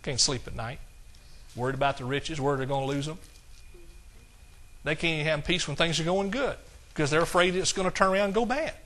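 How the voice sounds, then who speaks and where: A man preaching a sermon in a folksy way, slowing down to quote scripture in a measured cadence and chuckling at his own jokes. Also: a little high, a bit bright.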